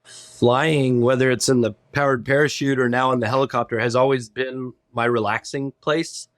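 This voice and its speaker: Easygoing male podcast guest, mid-pitch, storytelling, dry sound. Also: level tone, moderate pace, no echo. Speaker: podcast guest, lawyer and pilot. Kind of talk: casual interview chat.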